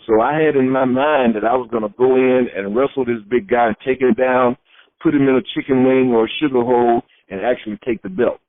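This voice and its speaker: Middle-aged man, Florida-raised, retired wrestler, animated storyteller; tinny, dry phone-quality audio. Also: medium pitch, a little fast, dry recording. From Florida, USA. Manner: lively storyteller who acts out quoted voices. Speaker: retired pro wrestler, interview guest. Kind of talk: storytelling shoot interview.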